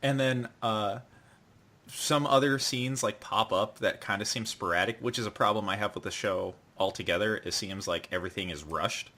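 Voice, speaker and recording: A man with a somewhat low voice hosts a relaxed podcast conversation. He steers the talk casually and swears freely, with lots of "uh" and "like" between his points. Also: moderate pace. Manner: leads the discussion, loose and profane, with many fillers. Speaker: podcast host.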